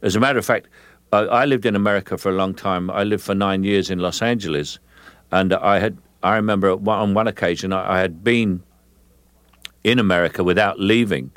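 A man's voice: low-pitched, steady tone, fairly quick, a bit bright, no echo. A man with a Cockney accent, an actor telling long stories in an interview, full of restarts and fillers. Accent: London Cockney. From England. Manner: rambling storyteller with many restarts and fillers. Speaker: actor guest. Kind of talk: relaxed interview answers.

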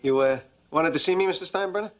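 A man's voice: high voice, fast, noisy background, lightly acted. An actor playing a nervous, eager-to-please male employee who stammers deferentially in a sitcom. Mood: flustered. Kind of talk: sitcom acting.

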